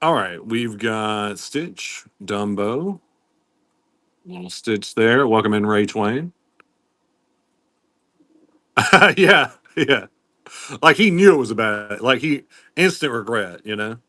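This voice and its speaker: A man's voice: on the low side, animated, takes it slowly, pauses often, pushed and bright, no room sound. A man hosting a live-stream pin sale in casual, rambling chat, greeting viewers by name as he goes.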